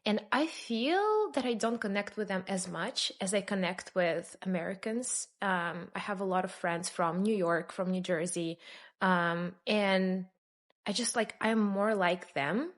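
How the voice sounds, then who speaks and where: Speaking at a measured pace in a mid-range voice, this young Russian woman, a native speaker of Russian, chats casually as a podcast guest. Her answers to the interview questions are full of fillers, with laughter in between.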